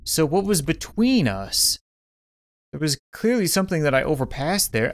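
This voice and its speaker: A woman's voice: deep voice, sing-song, moderate pace. A woman gamer giving playful, jokey commentary over a video game, with sudden squeals and giggles and muttering through puzzles half to herself. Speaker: let's play gamer.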